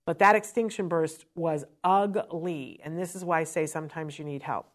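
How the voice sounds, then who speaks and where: A woman's voice: deep voice, fairly even intonation, normal speed. Earnest woman telling a parenting story. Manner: emotional, earnest, conversational. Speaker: parent educator on autism. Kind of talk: personal storytelling talk.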